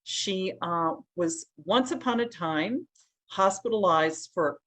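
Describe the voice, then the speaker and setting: A woman hosts a podcast interview over a remote call, chatting casually, laughing a lot, and tossing in self-deprecating asides. Her mid-range voice is fairly bright, with lively intonation and a slow pace.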